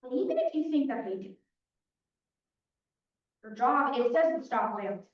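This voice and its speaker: A woman's voice: sits high, expressive, a little slow. A young woman giving a dramatic opening statement as defense attorney in a mock trial, telling the story in punchy short sentences. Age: young adult. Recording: dull, echoey hall from far off.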